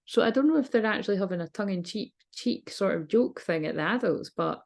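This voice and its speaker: A woman's voice: mid-range voice, lively intonation, brisk, gravelly, few pauses. A British woman giving a casual tarot reading, rambling, laughing and swearing freely. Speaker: tarot reader.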